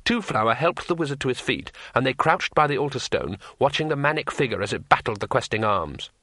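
Male narrator, bright clear voice, dramatic measured delivery, dry booth sound. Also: medium pitch, expressive, dry recording. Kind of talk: audiobook narration.

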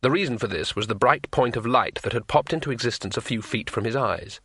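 A man narrating a comic fantasy novel in a measured, wry storytelling manner, close to the mic. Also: mid-range voice, pushed and bright, husky, no echo. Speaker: audiobook narrator.

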